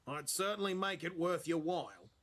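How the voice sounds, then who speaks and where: An actor with an Australian accent playing a crude, teasing border guard in a video game, full of slang. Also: male voice, fairly high pitch, sing-song, normal speed, fairly bright tone. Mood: matter-of-fact. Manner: brash, teasing, heavy slang. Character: crude joking Australian border guard, middle-aged prankster.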